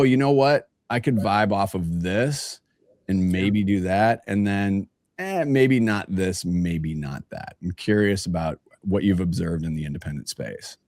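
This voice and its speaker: A man's voice: sits low, a little mellow, dry recording, studio quality. A man hosting a casual interview, playful and rambling, asking long questions full of fillers. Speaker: interviewer, host.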